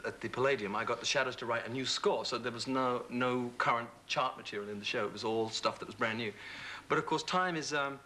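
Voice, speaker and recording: A man, a singer chatting as a guest on a TV talk show, animated and quick to laugh. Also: medium pitch, slight background noise. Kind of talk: casual TV chat.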